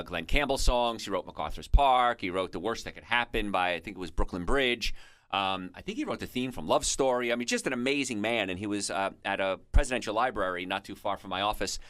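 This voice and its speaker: A man's voice: fairly low pitch, a bit bright, dry recording. A man hosting a radio health show, explaining in a chatty way and drifting into stories and asides, recorded on a studio microphone. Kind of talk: conversational radio health talk.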